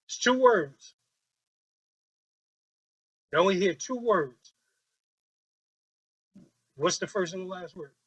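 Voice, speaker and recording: A man leading a training workshop with a group, talking in a lively, joking way and acting out quoted voices on a handheld mic. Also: sits high, takes it slowly, long pauses, slightly rough, rough recording.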